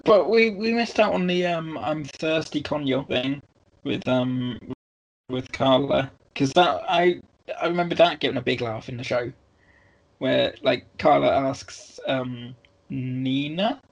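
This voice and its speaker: A man with a gravelly, creaky voice, chatting casually about a film he has just seen. He talks loosely and hesitantly, with lots of ums and likes, at a middle pitch. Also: slow pace, pauses often, muffled recording. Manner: chatty, hesitant with many fillers. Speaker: podcast co-host. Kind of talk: casual film review chat.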